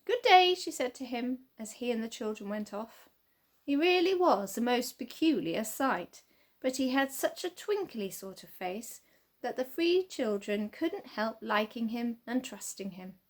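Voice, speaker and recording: A woman reading a children's storybook aloud with expressive, sing-song narration. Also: fairly high pitch, measured pace.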